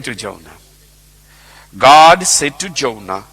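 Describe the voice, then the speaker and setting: Dramatic bright-voiced male preacher. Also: medium pitch, animated, moderate pace. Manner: swings between loud exclamations and quiet asides, retells scripture in his own words. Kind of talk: sermon. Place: church.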